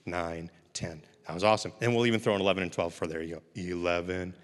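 A puppetry instructor leads a live workshop for a seated audience, upbeat and encouraging with running jokes. His voice sits low and comes rapid-fire, captured off mic with long hall reverb.

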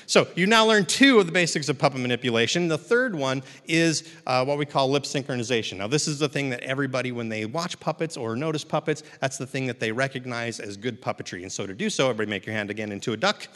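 A man's voice: medium pitch, quick pace, a bit bright. A man leading a live puppetry workshop for a seated audience, upbeat and encouraging, with running jokes. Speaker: puppetry instructor. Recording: long hall reverb, speaker off mic.

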